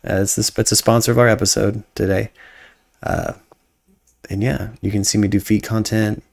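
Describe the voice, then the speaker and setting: A young man with a low, gravelly voice runs a live stream in loose, profane, joking banter. He hypes up his viewers and riffs casually on their comments. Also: flat delivery, moderate pace.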